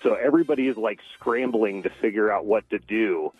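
A man calling in to a radio show and telling an easygoing story with lots of pauses. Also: fairly low pitch, breathy edge, no room sound. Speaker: caller. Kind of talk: phone-in story. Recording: tinny phone line.

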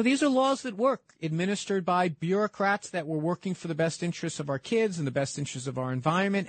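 A male radio co-host who explains his views earnestly and stumbles into restarts. His voice sits a bit high, and the studio sound is close and dry. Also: no room sound. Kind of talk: casual radio talk.

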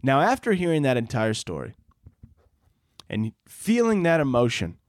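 A man hosting a podcast, telling a rambling, sarcastic rant full of dark humor and exaggeration, with frequent self-interruptions. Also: medium pitch, huge pitch swings, moderate pace, no room sound, studio quality. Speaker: podcast host.

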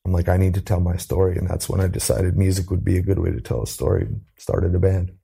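A man from Canada telling his life story as an interview guest, earnest and animated, lifting his voice when he quotes people. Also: quick pace, gravelly, husky. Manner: earnest, acts out quoted voices with rising pitch.

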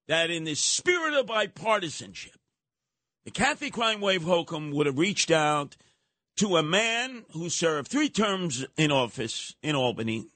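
A man's voice: a little high, sharp tone, no echo. A man hosting a political talk radio show, combative and mocking. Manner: combative, mocking, uses nicknames.

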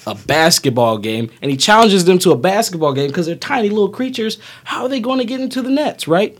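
A man's voice: sits high, big pitch swings, brisk, hardly any pauses. Rambling, playful man on a podcast. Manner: rambling, playful, retells plots with put-on voices. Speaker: podcast co-host. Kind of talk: casual podcast chat.

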